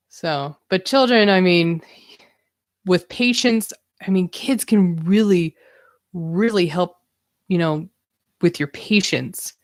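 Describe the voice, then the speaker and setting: A woman's voice: on the low side, clean tone, dry recording, studio quality. A young woman hosting her own podcast live stream, talking candidly and a bit ramblingly. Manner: candid, rambling, self-reflective. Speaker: podcast host. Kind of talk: casual solo live-stream talk.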